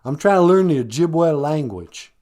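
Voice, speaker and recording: A man's voice: fairly high pitch, lively intonation, moderate pace, mellow, close to an everyday voice. Man putting on a brassy bossy woman caller. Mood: chatty. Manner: brassy, calls the host a fool. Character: brash pushy woman caller, teasing and bossy.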